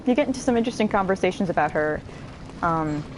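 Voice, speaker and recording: A woman talks through a video game in a relaxed, chatty way, breaking off to curse at enemies. Her voice sits a little on the low side. A faint hiss of background noise runs under the recording. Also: quick pace. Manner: chatty, swears freely, laughs often, jumps between the story and the gameplay. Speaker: gamer playing on video. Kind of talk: casual let's-play commentary.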